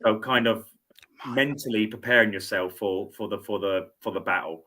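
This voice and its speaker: A middle-aged man with a lowish voice, hosting a sports show in loose, casual studio chat. He rambles and repeats words as he works out what to say. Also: normal speed, sharp tone. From United Kingdom.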